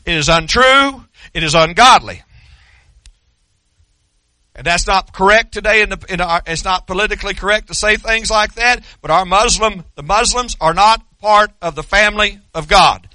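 Emphatic high-voiced male preacher. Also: moderate pace, pushed and bright, dry recording. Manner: emphatic, repetitive preaching cadence. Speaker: pastor. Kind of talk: sermon.

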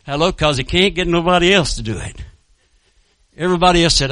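A man's voice: a little high, a little fast, a bit bright, dry recording. A male pastor preaching a sermon and telling a personal story in a folksy way, calling out to his congregation and chuckling between lines.

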